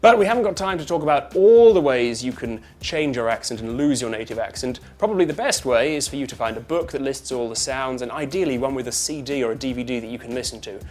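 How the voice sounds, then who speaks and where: A man, an actor and voice coach giving clear, demonstrative coaching tips and modelling the sounds aloud. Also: mid-range voice, expressive, fast, hardly any pauses, a little mellow. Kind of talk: accent coaching tips to camera.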